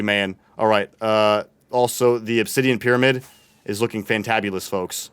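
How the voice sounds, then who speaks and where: Chatty male gaming streamer, smooth voice. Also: on the low side, fairly even intonation, moderate pace, no room sound. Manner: chatty, reads chat aloud and thanks followers. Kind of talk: casual livestream chat while gaming.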